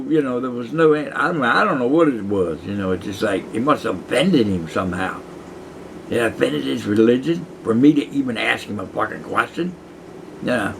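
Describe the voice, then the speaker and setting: A man's voice: mid-range voice, gravelly, a little hiss or hum, low-quality recording. A man in his sixties, a retired prison guard, telling rambling, profane stories in casual chat. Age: 60s. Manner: profane, meandering, chuckling. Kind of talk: rambling casual storytelling to camera.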